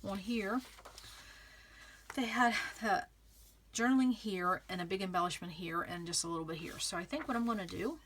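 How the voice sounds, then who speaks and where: A woman's voice: medium pitch, a bit bright, slight background noise. A woman vlogging a scrapbooking tutorial, chatting casually and thinking aloud as she works, often checking in with the viewer. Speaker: craft vlogger. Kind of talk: casual crafting tutorial, talking while working.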